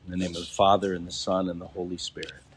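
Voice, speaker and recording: A man, a bishop, preaching a sermon and telling a story, slowing down for emphasis. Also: low voice, little pitch movement, noisy background.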